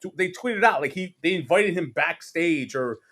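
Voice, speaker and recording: A man's voice: on the high side, animated, moderate pace, a bit bright. Profane ranting New York man. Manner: profane, exasperated ranting with mocking impressions. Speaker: podcast co-host. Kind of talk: casual sports podcast rant.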